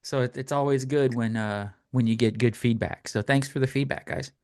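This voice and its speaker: A man co-hosting a casual podcast chat, animated and quick to laugh, tripping over his words now and then. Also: mid-range voice, dry recording, clean studio sound. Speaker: podcast co-host.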